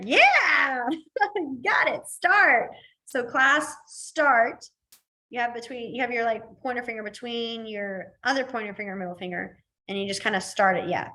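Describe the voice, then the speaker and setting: A woman's voice: fairly high pitch, sharp tone. A young woman teaching a casual class, chatty, with frequent laughs and fillers. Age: young adult. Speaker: sign language teacher.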